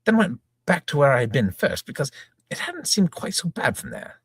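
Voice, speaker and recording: A man's voice: fairly high pitch, huge pitch swings, moderate pace, breathy edge, no room sound, clean studio sound. A man reading a comic novel aloud in breezy first-person narration, chuckling along. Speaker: reader, channel host.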